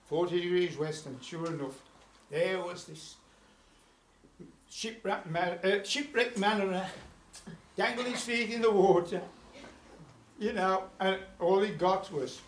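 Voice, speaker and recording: A man's voice: high-pitched, unhurried, long pauses. A man telling a folk tale live at a folk club, chatty, with asides to the audience. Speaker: storyteller. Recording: echoey folk club room.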